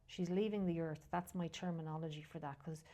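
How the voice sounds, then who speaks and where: A woman appears as a guest in a candid conversation, speaking emotionally, frankly and from the heart, occasionally swearing and sometimes dropping almost to a whisper. Her voice is deep and warm, with fairly even intonation and a slightly fast pace.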